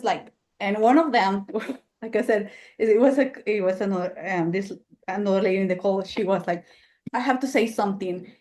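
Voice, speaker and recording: A woman's voice: medium pitch, brisk, darkish tone. A woman podcast host talking heatedly and emphatically in casual chat, swearing freely.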